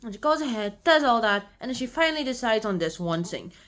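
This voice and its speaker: Rambling woman with a lively high voice. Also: quick pace. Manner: rambling, with many "like"s and restarts; acts out characters' lines with big jumps in pitch. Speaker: book summary presenter. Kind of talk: casual spoken book summary.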